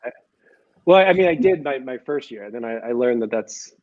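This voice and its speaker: A man's voice: mid-range voice, lively intonation, fairly quick, dull audio. An American man, a comedian, chatting casually on a video call and rambling through restarted sentences. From United States. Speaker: comedian guest.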